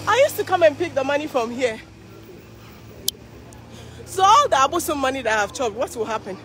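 Excitable Ghanaian woman, high lively voice. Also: a little fast, pauses often, background noise. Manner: excitable, exclaiming, chatty. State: tired from walking. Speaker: vlogger. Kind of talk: live walking vlog. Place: outdoor city street at a parade.

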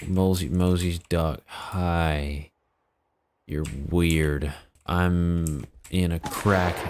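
Deep, unhurried man joking through gameplay. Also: fairly even intonation, darkish tone, slight background noise. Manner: joking, mock-exasperated, talks to game characters. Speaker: gaming YouTuber. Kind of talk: casual gameplay commentary.

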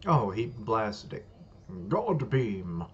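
A man's voice: fairly low pitch, very animated, very slow. A man reading a comic live and reacting with casual running commentary that swears freely. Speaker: host. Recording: dull lo-fi, faint hiss.

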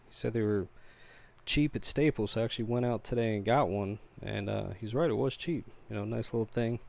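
A man with a fairly low voice shows off his bookshelves in a relaxed home video. He talks in an easygoing way, pausing and filling gaps with ums. It is recorded on a handheld camera in a home office. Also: vocal fry. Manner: relaxed, unhurried, with frequent ums and trailing pauses. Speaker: vlogger giving a home library tour. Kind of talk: casual home video tour.

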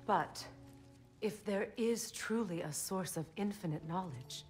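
A woman voicing a grave goddess in a video game, urgent and hushed. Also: medium pitch, unhurried, faint music behind, natural voice.

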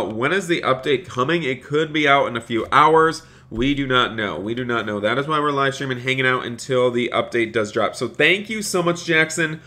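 Young male game streamer, bright forceful tone, upbeat chatter to viewers. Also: mid-range voice. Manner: upbeat, reads chat aloud and thanks viewers. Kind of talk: live game-stream chat.

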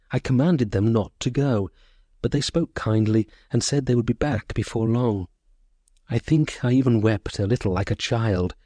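A man narrating a short story as an audiobook, in a measured, sorrowful first-person voice. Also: lowish voice, dark tone, dry recording, studio quality.

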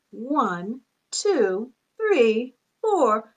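A woman librarian leading a children's storytime, singing, counting and making animal sounds in an animated sing-song way. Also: sits high, extremely slow. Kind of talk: children's storytime lesson with songs. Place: home or library room, recorded for video.

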